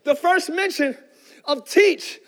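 A male pastor preaching a sermon with fervent energy, often shouting and calling out to the congregation. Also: very high-pitched, slow.

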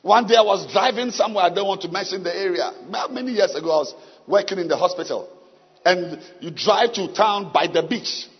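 A man preaching a sermon, with long pauses and sudden shouts. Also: high-pitched, husky, soft background music. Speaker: pastor. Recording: dull sound with long hall reverb.

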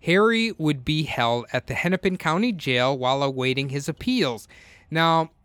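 A man co-hosting a casual true-crime podcast reads the story from his notes and keeps breaking into laughter. His voice sits a little high. He sounds close to the mic in a dry room with no echo. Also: moderate pace, a bit bright, clean tone. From Minnesota. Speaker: podcast co-host.

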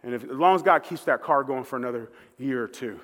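A man's voice: medium pitch, quick pace, fairly bright tone. A male pastor preaching a sermon, telling a story in a conversational way and acting out the voices of the people he quotes. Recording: long reverb of a large hall.

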